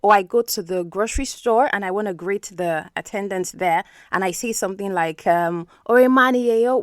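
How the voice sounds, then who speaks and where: A woman who teaches English hosts a learning podcast, explaining words patiently and regularly checking in with the listener. Her medium-pitched voice is a little mellow, recorded with studio quality and no room sound.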